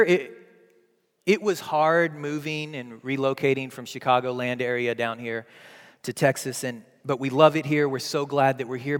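A man in his thirties preaching a sermon as a pastor, telling a family story and moving between hushed softness and loud, pleading prayer. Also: medium pitch, clear, resonant tone, big-room sound.

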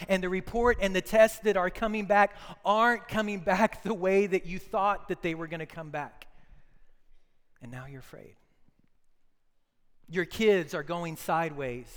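High-voiced pastor in a reverberant hall. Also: male voice, clean tone. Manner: animated storytelling, swinging from loud to hushed. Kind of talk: sermon.

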